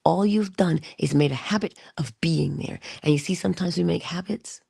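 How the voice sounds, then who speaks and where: Gravelly woman doing a motivational talk, slow and deliberate, whispers for emphasis, dry sound. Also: fairly low pitch, no echo. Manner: addresses listeners directly and warmly. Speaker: motivational speaker. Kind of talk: inspirational monologue.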